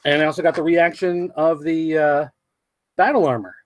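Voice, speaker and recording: A man's voice: fairly high pitch, steady tone, moderate pace, no echo. A man producing a podcast, chatting casually on a livestream from a small control booth, rambling with many ums. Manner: rambling, with many fillers and restarts.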